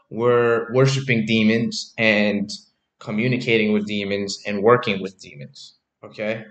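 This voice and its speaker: A man's voice: fairly low pitch, fairly bright tone, echoey room. A man giving casual preaching commentary on his channel, chatty, often repeating himself and asking "right?" and "okay?". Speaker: religious YouTuber.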